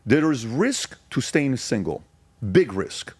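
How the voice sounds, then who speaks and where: A man in his forties from Iran, a podcast guest telling personal stories in an intense, emphatic way with rapid repeated phrases. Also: mid-range voice, sing-song, husky, no room sound. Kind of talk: candid personal storytelling.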